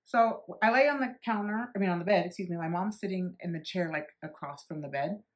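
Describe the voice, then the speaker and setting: Blunt, lower-voiced woman telling a story. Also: fairly quick. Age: 40s. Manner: blunt, animated, swears freely, acts out others' lines. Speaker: beauty vlogger. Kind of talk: candid personal storytelling.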